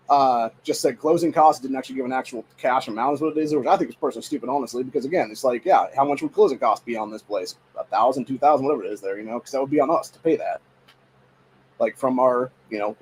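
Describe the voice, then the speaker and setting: A man's voice: medium pitch, darkish tone, a little hiss or hum, poor audio. A man in his forties from Ohio, hosting a podcast and venting in a frustrated, profanity-filled rant. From Ohio, USA. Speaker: podcast host. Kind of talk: casual venting monologue.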